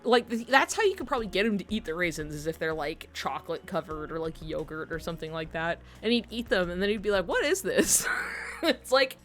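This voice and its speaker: A woman's voice: on the low side, lively intonation, quick pace, fairly bright tone, soft background music. Giggly rambling woman streamer. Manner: rambling, giggly, lots of fillers. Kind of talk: casual chat while gaming.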